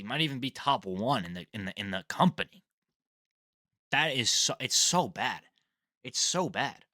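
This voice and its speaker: Bright-voiced, rambling young man. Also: medium pitch, no room sound, studio quality. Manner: rambling, swears and laughs at himself. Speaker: fight predictions host. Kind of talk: casual solo commentary.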